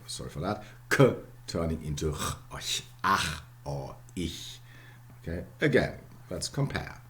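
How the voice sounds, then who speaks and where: A man's voice: sits low, fairly bright tone. A man from Germany, giving a university lecture and repeating words often, checking in with "okay" and "yeah". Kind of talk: academic lecture.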